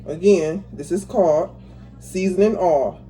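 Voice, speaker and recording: A relaxed, mellow voice of a home cook walking viewers through a recipe. The talk is casual and chatty, with easy laughs between steps. Soft music plays faintly behind. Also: medium pitch, unhurried, poor audio. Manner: chatty, talks viewers through each step, laughs easily. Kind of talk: casual cooking tutorial. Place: home kitchen.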